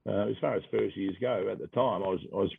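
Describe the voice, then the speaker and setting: A low-voiced Australian man with a gravelly, husky edge tells his footy stories in a loose, laughing ramble full of fillers. The sound is tinny and phone-like, as if heard over the radio, with a dry, close feel. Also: quick pace, no echo. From Western Australia. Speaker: guest, former footballer. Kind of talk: casual storytelling interview.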